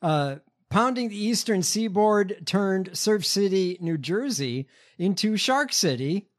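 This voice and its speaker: A man's voice: sits high, lively intonation, takes it slowly. A man hosting a casual talk show who reads out news headlines with many fillers and hesitations. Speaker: host reading headlines.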